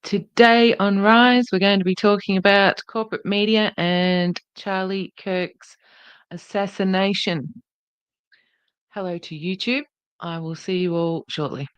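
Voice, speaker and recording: A woman's voice: mid-range voice, fairly even intonation, unhurried, clear, resonant tone, dry recording. A woman hosting a podcast livestream in a casual, chatty way, greeting viewers by name and speaking earnestly and indignantly. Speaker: podcast host.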